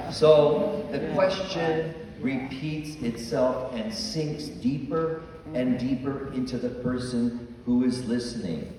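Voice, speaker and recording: A man's voice: medium pitch, lively intonation, very slow, noisy background. A man, a priest, preaching a homily and acting out the dialogue in the stories he tells. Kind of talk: sermon. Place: church. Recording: echoey church hall from far off.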